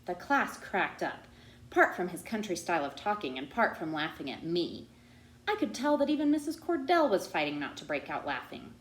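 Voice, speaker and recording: A woman reading a children's novel aloud, narrating in an expressive, animated way. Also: on the low side, moderate pace. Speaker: audiobook reader. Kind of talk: storytelling narration. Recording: roomy echo.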